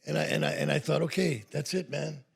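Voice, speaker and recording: A man in his sixties, an actor, telling anecdotes in a casual, animated way and acting out what others said. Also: fairly high pitch, a little fast, background noise. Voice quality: gravelly, husky. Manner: animated, laughs while telling, acts out quoted lines. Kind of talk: casual storytelling.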